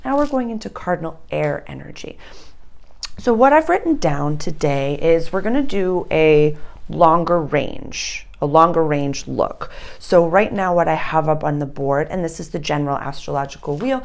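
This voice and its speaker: A woman's voice: sits low, expressive, moderate pace, creaky. A woman with a Boston accent giving a rambling, casual astrology lesson at a board, thinking aloud as she goes. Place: indoor room with a board.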